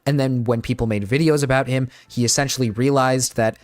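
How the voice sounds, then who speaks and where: A man's voice: medium pitch, steady tone, a little fast. A man doing reaction commentary, ranting in exasperation and swearing often, talking to his chat like a streamer. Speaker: drama commentator.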